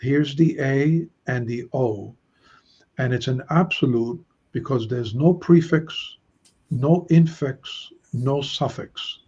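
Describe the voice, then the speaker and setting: Bible teacher, male, mid pitch, slightly raspy, careful explainer, muffled stream sound. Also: dark tone. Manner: explains Hebrew grammar slowly, stressing key words. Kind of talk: Bible study lesson.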